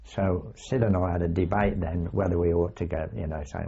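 An older man recalling his wartime days in a rambling oral history, full of asides and halting restarts. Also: deep voice, steady tone, creaky, dark tone, slightly rough. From England. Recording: dull lo-fi recording.

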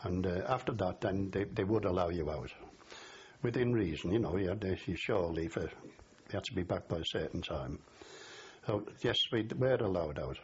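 An older man from the Liverpool area speaks in a broad Scouse accent, his low voice rising and falling widely as he tells his stories. He chuckles at his own memories. The recording is dull and lo-fi, with a faint hiss. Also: animated, moderate pace, a little mellow, husky. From Liverpool area, England. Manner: chatty storyteller, laughs at his memories. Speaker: interviewee. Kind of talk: oral history interview.

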